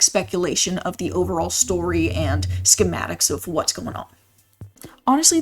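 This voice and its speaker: A young woman giving casual, blunt opinion commentary in a slangy, opinionated manner. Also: medium pitch. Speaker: movie commentary YouTuber.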